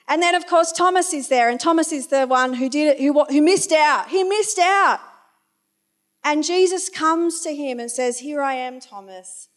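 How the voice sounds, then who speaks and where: A woman's voice: high-pitched, moderate pace. A woman preaching a conversational sermon, chatty and informal, with wry asides and the odd moment of losing her place. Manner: loses her place and corrects herself aloud.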